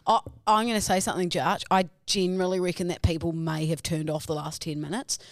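A woman's voice: fairly low pitch, fairly even intonation, brisk, dry recording, studio quality. A young woman, co-hosting a podcast in casual chat, teasing and laughing easily. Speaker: podcast co-host.

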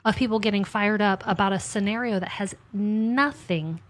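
A woman author and podcast host in casual faith conversation, chatty and animated, acting out her talks with God in little asides. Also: medium pitch, normal speed.

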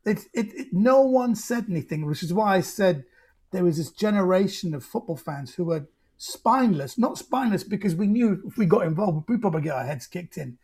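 A man, a podcast guest telling stories in an animated way, full of restarts. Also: high voice, a little fast, breathy edge. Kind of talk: casual storytelling.

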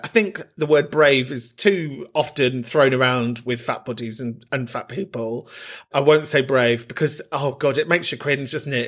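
A man's voice: mid-range voice, moderate pace, a bit bright. A man hosting a podcast, talking in an effusive, chatty, self-mocking way. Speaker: podcast host. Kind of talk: casual chat.

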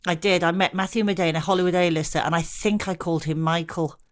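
A woman's voice: lowish voice, fairly even intonation, fast talker. A middle-aged woman co-hosting a podcast, chatting casually and mocking herself with frequent laughs. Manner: self-deprecating, chatty, laughs often. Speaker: podcast co-host. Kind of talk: casual chat.

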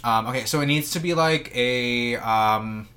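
A man's voice: mid-range voice, measured pace, bright, forceful tone, a little hiss or hum. A man chatting casually as a podcast guest, rambling with many fillers and restarts as he describes things. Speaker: sommelier guest.

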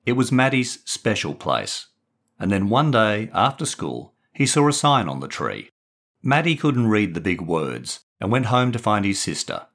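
A man reading his own children's short story aloud as author and narrator, in a measured, expressive way. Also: fairly low pitch.

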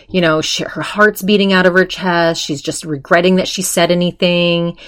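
A woman's voice: lowish voice, steady tone, moderate pace, few pauses. A woman hosting a podcast, chatting casually as she retells a story, full of fillers and quoted voices. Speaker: podcast host.

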